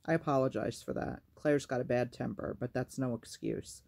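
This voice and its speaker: A man voicing a calm, tall circus man in black who speaks slowly and thickly. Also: mid-range voice, vocal fry. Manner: slow, thick, unhurried.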